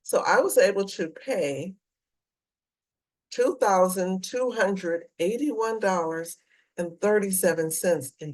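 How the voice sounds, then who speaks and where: Slow, earnest woman vlogger. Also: deep voice, low-quality recording. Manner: slow, deliberate, earnest, reads figures out carefully. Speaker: personal finance vlogger. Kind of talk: casual talk to camera about debt payoff.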